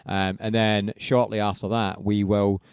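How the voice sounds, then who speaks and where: A Scottish man co-hosts a podcast, chatting casually and telling lively stories, laughing often and swearing offhandedly. His voice is fairly low and smooth, with a measured pace and no echo.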